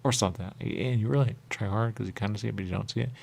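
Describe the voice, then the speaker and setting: A man hosting a radio show, rambling through a spiritual monologue with a repeated refrain and sudden high voices when he quotes others. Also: racing, gravelly, darkish tone, slight background noise. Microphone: radio studio mic.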